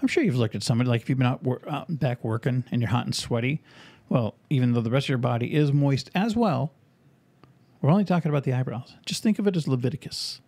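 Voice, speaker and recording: A man hosting a podcast, casually telling an animated story and acting out the voices of people in it. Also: medium pitch, fast, slightly rough, dry recording. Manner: animated anecdote telling, acts out quoted voices. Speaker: podcast host and author.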